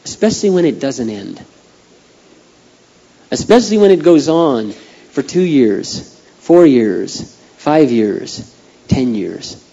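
A middle-aged man preaching a heartfelt sermon, dropping to a hush and then rising to loud pleading. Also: mid-range voice, big pitch swings, takes it slowly, creaky, pauses often, slightly rough. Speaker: pastor. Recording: dull lo-fi sound.

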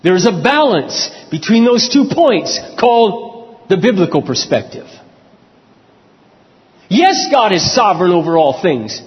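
A middle-aged man preaching a sermon, animated, acting out his own prayers and quotes. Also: high voice, measured pace, long pauses. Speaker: pastor. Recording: dull lo-fi recording in a reverberant hall.

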